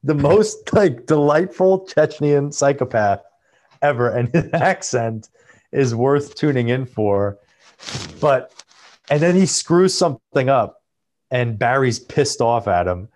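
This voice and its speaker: A man's voice: medium pitch, animated, slow, a little mellow. A man co-hosting a podcast, talking enthusiastically in a casual, rambling way. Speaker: podcast co-host. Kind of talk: casual chat.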